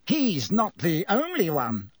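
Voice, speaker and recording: Blustering, pompous storybook official, voiced by a man; barks, pitched up. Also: sing-song, normal speed, dry recording, clean studio sound. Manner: blustering and barking. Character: flustered, pompous male government minister.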